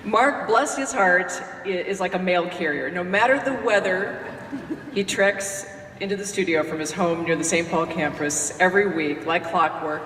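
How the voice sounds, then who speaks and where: A woman's voice: on the low side, moderate pace, noisy background. A woman who hosts a radio morning show gives a folksy, joking tribute speech at a podium in a lecture hall. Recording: echoey hall from far off.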